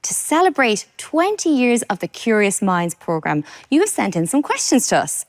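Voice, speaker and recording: An Irish woman hosting a children's science show with a bright, enthusiastic delivery. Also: fairly high pitch, sing-song, moderate pace, no room sound, clean studio sound. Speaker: host. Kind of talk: children's TV presenting.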